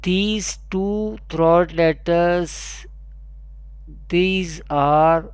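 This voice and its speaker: A man teaching a recorded pronunciation lesson at a very unhurried pace. He drills each sound over and over in an even, flat tone. His voice is very clean and crisp. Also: on the high side, no echo. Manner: slow, repetitive drilling of letters. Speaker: Quran teacher.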